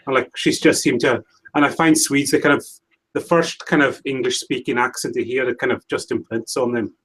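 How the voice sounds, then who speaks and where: A man's voice: medium pitch, fairly even intonation, brisk, fairly bright tone, slightly rough. Rambling male livestream host. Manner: rambling, hesitant, many restarts. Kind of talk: casual chat. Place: home livestream setup.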